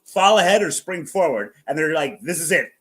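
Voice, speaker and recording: Male guest, high animated voice, dry ribbing. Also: normal speed. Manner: dry teasing remarks. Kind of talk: casual comedic chat.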